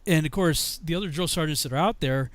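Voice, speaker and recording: A man from Massachusetts telling a story in casual conversation, animated and laughing often as he acts out the people in it. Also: a little high, fast, no room sound.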